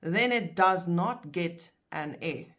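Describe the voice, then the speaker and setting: Low-voiced woman teaching word plurals, slow and careful, says each pair twice. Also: lively intonation, a bit bright. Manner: slow, careful, repeats words in pairs. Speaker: language teacher. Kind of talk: explaining vocabulary in a video lesson.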